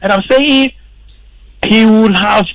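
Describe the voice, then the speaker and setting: Emphatic male radio commentator with a gravelly edge and a dry, close sound. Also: high voice, slow pace, a bit bright, no echo, rough recording. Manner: emphatic, repeats words for stress. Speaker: political commentator. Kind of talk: radio panel discussion. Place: radio studio.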